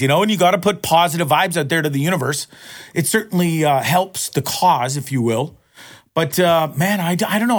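Middle-aged man, podcast host, slightly high voice, rambling, profane, self-mocking. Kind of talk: casual solo podcast chat.

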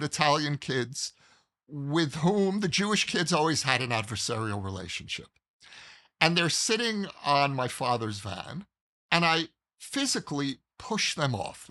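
A man telling a personal story in conversation, measured and earnest, pausing mid-thought. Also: fairly high pitch, bright, forceful tone.

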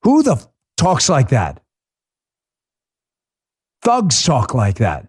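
A man's voice: medium pitch, wildly swooping pitch, slow pace, breathy edge, no room sound, studio quality. A middle-aged man hosting a podcast, delivering a combative political monologue full of sarcasm and rhetorical questions. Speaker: podcast host.

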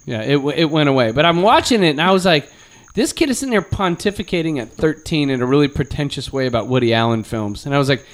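Animated male comedy podcast host. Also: a little high, fast talker, hardly any pauses. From Chicago area. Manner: animated storyteller who slips into mocking voices. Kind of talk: casual comedic chat.

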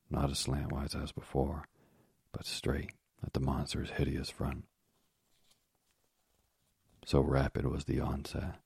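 Narrator, male: very deep, raspy and monotone, dry booth sound, measured storybook reading. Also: no room sound.

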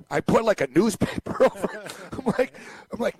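A man's voice: sits high, lively intonation, a little fast, few pauses, breathy edge. A man co-hosting a podcast, telling a long anecdote in a loose, rambling way and laughing along. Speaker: podcast co-host. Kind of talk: casual storytelling chat.

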